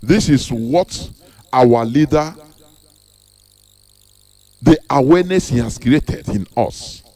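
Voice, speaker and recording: Speaking slowly in a warm, animated mid-range voice, a man with a Nigerian accent gives a fervent activist monologue. Rhetorical questions come again and again, delivered with emphatic, sermon-like force.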